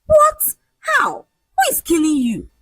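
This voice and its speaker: A desperate, wounded young woman who cries out in high, breathy exclamations, voiced by a woman storyteller. Her lines leap sharply in pitch in this dry, close storybook reading. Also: wildly swooping pitch, moderate pace, darkish tone, no room sound, exaggerated voice. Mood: distraught.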